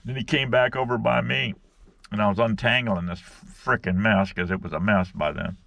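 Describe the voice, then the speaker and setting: Man, fishing vlogger, gravelly, folksy rambling, casual storytelling, dry sound. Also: on the low side, steady tone, moderate pace, a bit bright, dry recording. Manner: folksy, rambling, keeps saying "guys" and "right". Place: fishing spot on a riverbank, outdoors.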